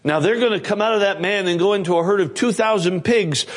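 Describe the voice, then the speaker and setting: A man with a high voice preaches a Sunday sermon. He retells the story in plain, lively words and often says a word twice as he gets going. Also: fast. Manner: storytelling preacher, repeats words when starting phrases. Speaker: pastor.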